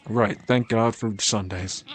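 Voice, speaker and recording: A man's voice: on the low side, steady tone, unhurried, a little hiss or hum, lightly acted. A man reading the lines of a witty, pleasure-loving young male artist in a video game, plainly. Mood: wry.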